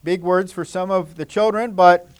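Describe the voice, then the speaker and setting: Gentle high-voiced pastor talking to children. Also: male voice, fairly even intonation, moderate pace, smooth. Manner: gentle, repetitive, swings from loud to hushed. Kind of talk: children's sermon.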